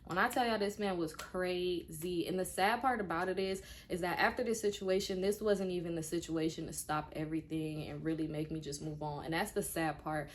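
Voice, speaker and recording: A woman's voice: on the low side, a little fast, few pauses, slight background noise. A woman in her twenties telling a personal story to her viewers in a casual, frank way. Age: 20s. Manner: animated retelling that acts out quoted speech; frank and conversational, speaking to viewers directly. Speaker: vlogger.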